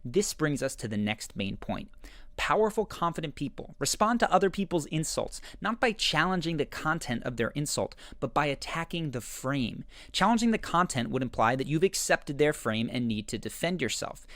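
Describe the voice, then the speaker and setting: A man narrating a scripted video essay that explains confident behavior, in a measured, explanatory way. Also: a little high, lively intonation, a bit bright, dry recording. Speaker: commentator analyzing a TV character.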